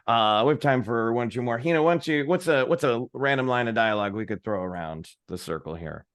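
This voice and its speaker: An upbeat, encouraging man runs a playful virtual workshop, talking to his group over a video call. His voice sits at an ordinary middle pitch, and he keeps checking in with the group as he explains. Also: animated, brisk, fairly bright tone. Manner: upbeat, encouraging, peppered with "right?". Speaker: workshop facilitator. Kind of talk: interactive virtual workshop facilitation.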